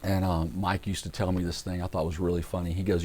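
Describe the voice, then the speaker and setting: Deep-voiced man telling a Bible story. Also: quick pace. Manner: conversational storytelling with acted-out voices; relaxed, with fillers and restarts. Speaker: pastor. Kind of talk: casual Bible teaching.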